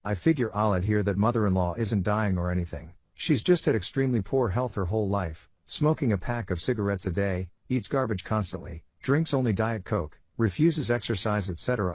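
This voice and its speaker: A man narrating a bedtime story with a steady, even storytelling delivery. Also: fairly low pitch, no room sound.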